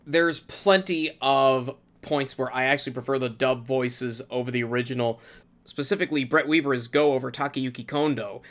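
Bright-voiced, gushing podcast co-host man. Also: mid-range voice, steady tone, moderate pace. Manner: enthusiastic, gushing. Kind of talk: casual podcast chat.

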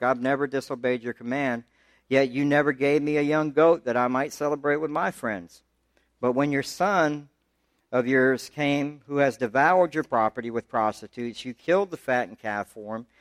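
A man preaching a sermon as pastor, talking through scripture in a conversational way and pushing his voice higher when he presses a point. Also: no echo. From United States.

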